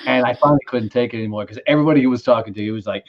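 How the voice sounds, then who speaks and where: A man's voice: mid-range voice, rapid-fire. A man, hosting a podcast, tells stories casually, laughs often and swears freely. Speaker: podcast host. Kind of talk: casual conversational storytelling. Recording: slightly dull lo-fi audio.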